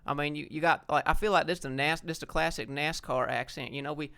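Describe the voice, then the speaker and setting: Young guy streamer, slangy and blunt, slightly high, smooth clear voice. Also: fairly even intonation, fairly quick, pushed and bright. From Atlanta, Georgia, US. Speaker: streamer answering chat questions. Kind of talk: casual livestream Q&A.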